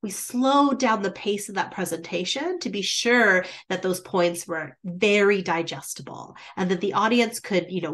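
A woman's voice: mid-range voice, a bit bright. A woman teaching presentation skills in a webinar, shifting her volume and pace for emphasis, with frequent "um" fillers. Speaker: business presentation instructor.

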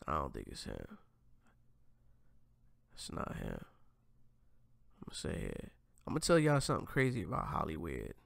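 A man talks through clips on his commentary show, speaking straight to his viewers in slangy, profane language. His voice is gravelly and swoops up and down with animated pitch. The recording is dry and close, with no room sound. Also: normal speed, pauses often, no room sound. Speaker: host. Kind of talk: casual commentary reacting to clips.

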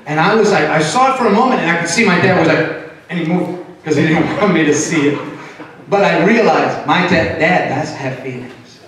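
A middle-aged man preaches a sermon with animated delivery and a fairly high voice. He is picked up from some distance in a very echoey church hall. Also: moderate pace. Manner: animated, switches into Spanish, acts out quotes. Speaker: pastor. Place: church sanctuary.

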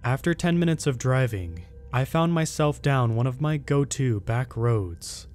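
A man reading a first-person horror story aloud as a scripted narration, in a slow, hushed storytelling manner. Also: medium pitch, expressive, faint music behind.

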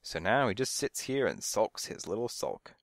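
A man's voice: fairly low pitch, big pitch swings, moderate pace, vocal fry, no echo, clean studio sound. A man voicing a nosy, fussy old woman who scolds and gossips from her windowsill in a storybook reading. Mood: gossipy. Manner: fussy, scolding, hard of hearing.

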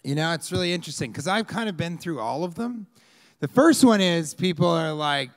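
A man from Colorado doing a rambling stand-up comedy set on a club stage, shouting out bits of crowd work and acting out fans yelling at him. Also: fairly high pitch, expressive, normal speed.

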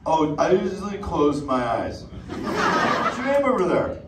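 A man's voice: high voice, wildly swooping pitch, measured pace, very noisy, full character voice. An actor playing a laid-back male sea turtle who talks like a drawling surfer and banters with a live audience. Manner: surfer slang, drawling and playful. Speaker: live show character chatting with the audience. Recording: echoey theater, distant mic, loud music.

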